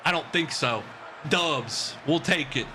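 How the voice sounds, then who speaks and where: High-voiced man calling a video game. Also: animated, slow pace, slight background noise. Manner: shouting, breathless, laughing. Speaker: game streamer. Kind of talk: excited play-by-play gaming commentary.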